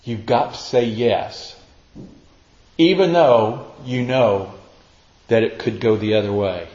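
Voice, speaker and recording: A man's voice: medium pitch, takes it slowly, darkish tone, reverberant, dull audio. A man preaching a conversational sermon, retelling scripture as everyday dialogue. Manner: conversational storytelling, acting out dialogue. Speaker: pastor.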